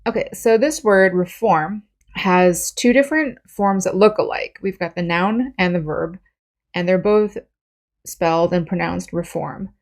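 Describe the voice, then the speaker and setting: A woman's voice: lowish voice, a little slow. A woman English teacher giving a patient vocabulary lesson, explaining words step by step with examples.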